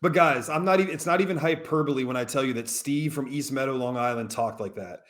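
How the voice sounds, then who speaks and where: A man's voice: mid-range voice, fast talker, a bit bright. Laid-back young man saying dude and bro. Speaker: podcast co-host. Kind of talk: casual comedic chat.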